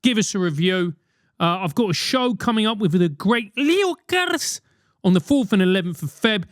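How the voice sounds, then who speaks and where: A man's voice: high voice, expressive, moderate pace, no room sound, studio quality. A man hosting a solo comedic advice podcast, rambling and swearing through comic rants. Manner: rambling, profane, comic ranting. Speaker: podcast host.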